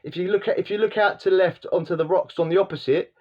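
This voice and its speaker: A man voicing an eccentric, excitable old male shopkeeper who insists on what he tells. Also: sits high, fast talker, lo-fi sound, voice pushed up. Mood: insistent, excited.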